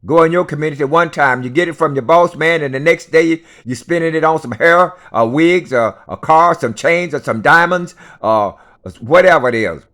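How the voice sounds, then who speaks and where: A man with a somewhat high-pitched voice rants with no script. He lectures bluntly and swears freely, repeating lines to hammer his points home. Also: normal speed, a bit bright. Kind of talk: unscripted rant to camera.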